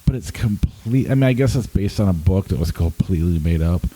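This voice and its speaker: A man in his forties co-hosting a podcast, talking in a hesitant, halting way with many restarts. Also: low voice, expressive, warm tone, husky, rough recording. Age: 40s. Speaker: podcast co-host and film critic. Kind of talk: casual podcast review.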